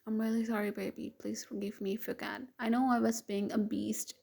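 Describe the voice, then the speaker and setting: A woman's voice: fairly high pitch, little pitch movement, brisk, gravelly, dark tone, husky. A woman voicing a remorseful young husband who pleads tearfully for forgiveness.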